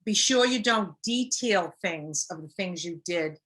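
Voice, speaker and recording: A woman's voice: on the low side, expressive, a little slow, fairly bright tone. A woman giving a casual teaching talk on recovery, earnest and plain, acting out little example quotes as she goes. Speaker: recovery speaker.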